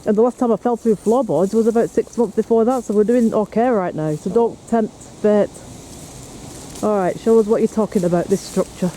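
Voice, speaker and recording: Wandering the woods and a windy hillside, a paranormal vlogger talks casually to his camera in a chatty, teasing way. He has a high voice with a dark tone and speaks at normal speed. Faint wind and other outdoor noise are audible.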